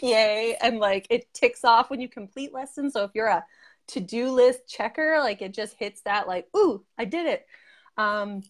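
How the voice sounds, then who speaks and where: A young adult woman chatting as an interview guest, gushing and enthusiastic, filling her talk with "like" and little laughs. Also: fairly high pitch. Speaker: interview guest, group member. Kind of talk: casual chat.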